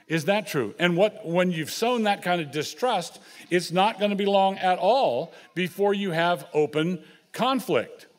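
An older man delivers a sermon from the pulpit in a slightly raised pitch. He talks in an earnest, plain way, repeating phrases for emphasis. He often addresses the children directly. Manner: earnest preaching with repetition and asides to children. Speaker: pastor.

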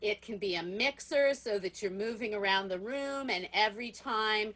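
A woman's voice: mid-range voice, moderate pace, fairly bright tone. A woman presenting a workshop for teachers on a video call, singing simple songs and explaining how to use them with children.

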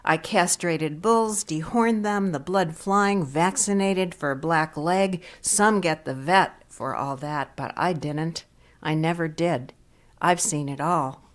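A woman's voice: sits low, slow pace. A woman reading the quoted lines of a proud, plain-spoken male farmer in a matter-of-fact way during a poetry reading.

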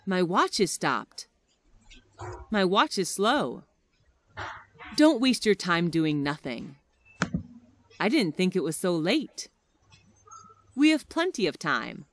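A woman reading short everyday English phrases one by one for listening practice, with careful, expressive enunciation. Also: on the low side, slow pace, long pauses.

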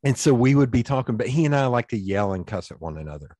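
A man with a Southern East Tennessee accent, hosting a podcast and telling animated stories in casual chat, swearing freely. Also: mid-range voice, fast talker, no echo. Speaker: podcast host.

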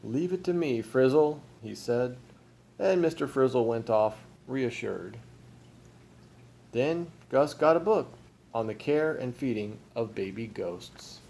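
Man, dad, reading a picture book aloud, asks the kids questions, mellow tone. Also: mid-range voice, animated, gravelly, slight background noise. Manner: storytelling, pausing to ask the listener questions. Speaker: father.

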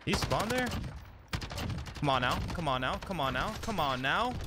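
A young man gives hyped, trash-talking commentary while he plays a shooter game. His voice sits a bit high and swings widely. Loud gunfire and explosions from the game play under him the whole time. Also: sing-song, normal speed, noisy background. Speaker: gaming streamer. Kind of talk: live gameplay commentary.

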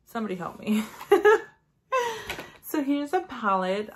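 A woman's voice: fairly high pitch, sing-song, measured pace, a little hiss or hum. A woman beauty vlogger chatting casually, telling a rambling story full of "like" and acting out her own lines. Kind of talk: casual chat.

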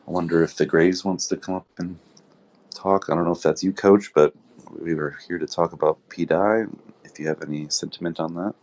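A man's voice: deep voice, a little fast, dry recording. A man hosting a live audio chat room, talking loosely with lots of fillers. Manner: relaxed, rambling, filler-heavy talk. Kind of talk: casual chat. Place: Thailand.

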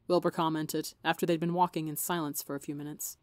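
A woman with a slightly gravelly voice, narrating a fan fiction story in a steady audiobook reading. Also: sits low, fast talker, dry recording, studio quality. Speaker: podcast fiction reader.

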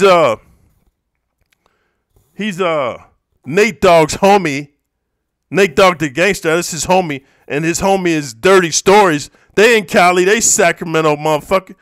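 A man from the eastern United States ranting at his viewers in a profane, confrontational monologue that swings between low muttering and loud outbursts. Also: moderate pace, dry recording, clean studio sound. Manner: profane, confrontational, says "bro" constantly. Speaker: YouTuber reacting to comments.

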